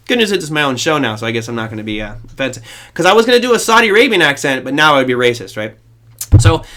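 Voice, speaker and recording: A man's voice: on the high side, pushed and bright. A man hosting a trading show, giving casual, rambling market commentary to his viewers with a self-deprecating touch.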